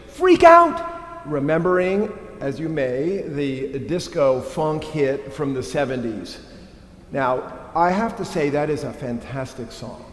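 Lively pastor preaching in an echoey church. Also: male voice, on the high side. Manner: lively, humorous, conversational. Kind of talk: sermon. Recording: echoey church hall with long reverb.

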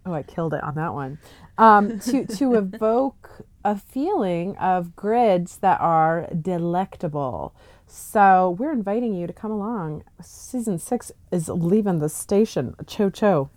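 A woman's voice: lowish voice, lively intonation, a little slow, darkish tone, no room sound. A woman co-hosting a casual podcast, playful and giggly, swearing now and then. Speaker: podcast co-host. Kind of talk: casual chat.

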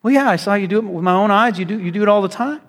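A man voicing an ordinary male tourist who gets anxious and excitable and exclaims a lot, in a sermon story. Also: high voice, very fast, pitched above the performer's own voice. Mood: earnest.

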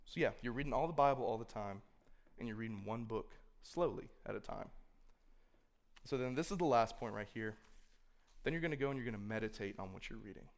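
A man at a mid-range pitch gives a laid-back sermon to a youth group. He talks loosely and conversationally, with plenty of "like" and "you know", and now and then acts out what a listener might think. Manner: conversational, filler-heavy, acts out imagined inner thoughts. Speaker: youth speaker. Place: room with a live audience.

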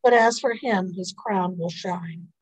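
A woman reading psalms and a scripture lesson aloud in a morning prayer service, in a measured, even way. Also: on the low side, slightly rough, poor audio. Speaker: scripture reader. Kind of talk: liturgical responsive reading.

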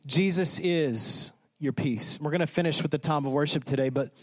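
A man preaching a sermon as pastor, animated, acting out the people in his story. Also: a little high, normal speed, dry recording. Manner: animated, acts out voices of disciples.

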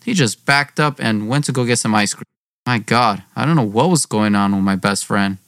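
A man's voice: lowish voice, moderate pace, fairly bright tone, no echo, clean studio sound. A young man narrating his own story in a plain, conversational way.

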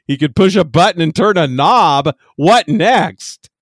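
Sarcastic man with a lively voice. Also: on the high side, a little slow, dry recording, studio quality. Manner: sarcastic, joking banter. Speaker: podcast co-host. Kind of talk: casual chat.

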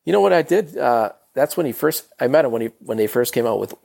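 Gravelly laid-back man. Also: medium pitch, animated, quick pace, a little mellow. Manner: laid-back, peppers speech with "dude" and "man", jokey. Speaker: podcast guest. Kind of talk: casual chat.

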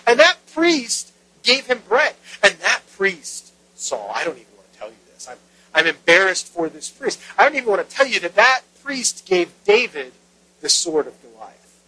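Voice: medium pitch, big pitch swings, sharp tone, poor audio. A preacher playing a sly, fawning henchman. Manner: wheedling, feigned reluctance, halting repeats. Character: sly scheming male henchman, fawning informer.

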